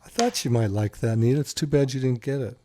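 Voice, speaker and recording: A man's voice: medium pitch, quick pace, dark tone, a little hiss or hum. A man hosting a talk radio show, joking and telling stories in a casual, playful way. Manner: playful, joking, teasing his co-host. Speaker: radio show host, doctor.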